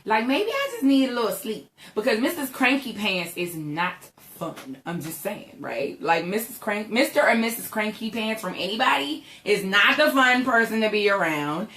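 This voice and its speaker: A woman's voice: mid-range voice, very animated, moderate pace, hardly any pauses, a bit bright, roomy sound. A young woman giving a chatty motivational talk to her viewers, emphatic and repeating "right?" constantly. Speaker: entrepreneur vlogger.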